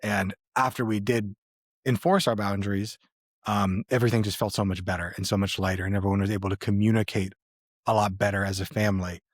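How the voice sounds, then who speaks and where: A man's voice: fairly low pitch, fairly even intonation, a little fast, dry recording, clean studio sound. A man co-hosting a podcast, speaking candidly and reflectively in casual chat. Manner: reflective, candid, with fillers and restarts. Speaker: podcast co-host.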